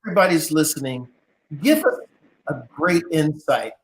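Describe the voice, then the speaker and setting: A man's voice: fairly high pitch, lively intonation, moderate pace. A man hosting a live interview show, jovial and teasing with his guest. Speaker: host.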